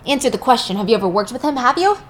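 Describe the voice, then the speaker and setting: A woman's voice: on the high side, lively intonation, rapid-fire, fairly bright tone, slight background noise. A woman playing a bitter, scarred male inmate. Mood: bitter accusing. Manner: accusing, taunting.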